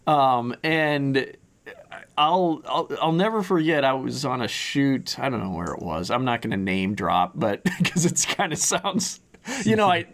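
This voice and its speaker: A man's voice: mid-range voice, animated, measured pace, fairly bright tone. A man hosting a podcast, chatting casually and rambling, with many restarts and fillers. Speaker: podcast host. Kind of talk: casual interview chat.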